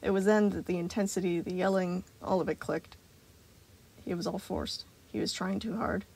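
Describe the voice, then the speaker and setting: A woman narrating a fan fiction story in a calm, even voice. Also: fairly low pitch, moderate pace, slightly rough.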